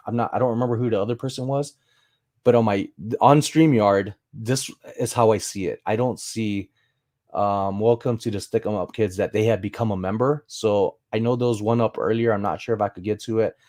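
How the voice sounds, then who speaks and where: A man with a fairly low voice hosts a relaxed livestream. He wanders through stories, playing out both sides of remembered conversations, then breaks off to scroll through and answer viewer chat. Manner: rambling anecdotes, acts out quoted exchanges. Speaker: livestream host.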